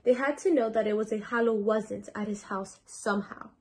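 A woman's voice: medium pitch, steady tone, normal speed. Teen girl reading a children's book. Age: teenager. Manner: stumbles and restarts words while reading. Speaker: reading mentor. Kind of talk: children's book read-aloud.

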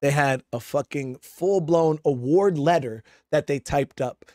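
Ex-marine guy rambling thru a story, swears a lot, kinda high voice, dry sound. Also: a little slow, darkish tone, no room sound. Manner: profane, rambling, keeps addressing listeners as guys. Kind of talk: casual spoken storytelling.

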